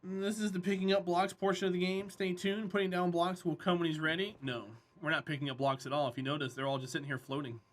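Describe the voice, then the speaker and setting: A man's voice: high voice, fairly even intonation, quick pace, hardly any pauses. A male streamer chatting casually with his viewers while gaming, laughing often and talking to chat by name. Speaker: streamer, host.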